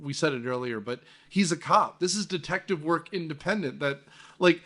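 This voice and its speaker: A man's voice: a little high, moderate pace. A man hosting a casual movie podcast, recounting scenes with lots of energy and the odd swear. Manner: animated, swears, laughs while recounting scenes. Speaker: podcast host.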